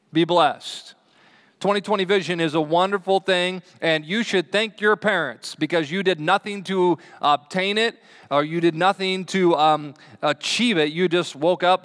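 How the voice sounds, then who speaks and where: A man's voice: high voice, a bit bright. A man preaching a sermon as a pastor in a church, chatting and asking the congregation questions. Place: church sanctuary.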